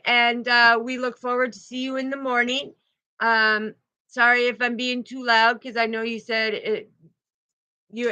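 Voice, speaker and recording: A woman's voice: on the high side, sharp tone, rough recording. A middle-aged woman, hosting a casual spiritual livestream, effusive and protective as she greets her viewers by name.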